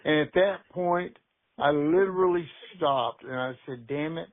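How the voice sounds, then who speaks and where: A man's voice: fairly high pitch, a little slow. An older man from Texas with a Texan accent, a musician guest telling stories over the phone and laughing easily. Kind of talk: phone interview. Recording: phone line.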